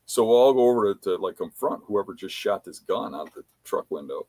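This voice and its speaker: Low-voiced man telling stories. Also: animated, brisk, dark tone, no room sound. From Wisconsin. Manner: laid-back, rambling, filler-heavy. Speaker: podcast guest, bear hunter. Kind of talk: casual anecdotal storytelling.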